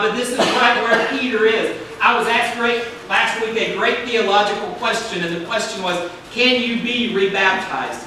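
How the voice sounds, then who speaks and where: In a church sanctuary, a man with a high-pitched, sharp voice preaches a sermon whose cadence prompts the congregation to respond. The echoey hall recording is distant, with slight background noise.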